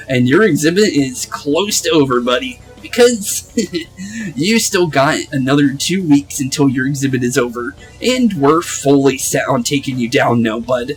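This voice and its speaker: A man's voice: mid-range voice, normal speed, poor audio. Give me a casual young man narrating his gameplay, laughing and chatty, with faint music behind. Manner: chatty, laughs often, reads game dialogue aloud. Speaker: gaming video host.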